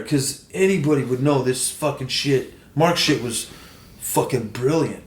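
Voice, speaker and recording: A man, a tattoo artist guest, telling stories in an animated, profane, casual way. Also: mid-range voice, normal speed. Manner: animated, profane, self-taught pride. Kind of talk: casual storytelling. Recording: echoey room.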